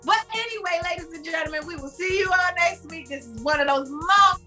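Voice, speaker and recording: A woman's voice: very high voice, moderate pace, sharp tone, faint music behind, poor audio. A woman co-hosting a casual podcast chat, rambling with fillers and laughing often. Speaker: podcast co-host.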